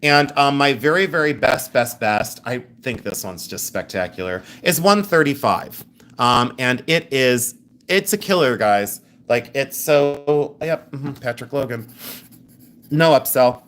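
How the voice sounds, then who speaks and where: A woman's voice: a bass voice, lively intonation, unhurried. A middle-aged woman hosting a live jewelry sale in a chatty, joking way, laughing often. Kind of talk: live-stream sales chat.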